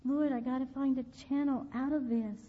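An older woman with a high voice preaches in an earnest testimony, dwelling on phrases by repeating them. The sound is thin and phone-like, with a long reverb trailing behind it. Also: steady tone, normal speed. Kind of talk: sermon testimony.

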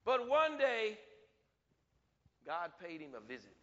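A man preaching a sermon, emphatic, rising to near-shouts and then dropping low. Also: sing-song, slow pace, long reverb tail, highs cut off.

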